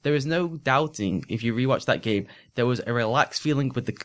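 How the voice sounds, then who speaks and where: Man, podcast co-host, casual sports analysis, mid-pitched voice, talks at length. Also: expressive, a little fast. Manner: analytical, fluent, frequent restarts.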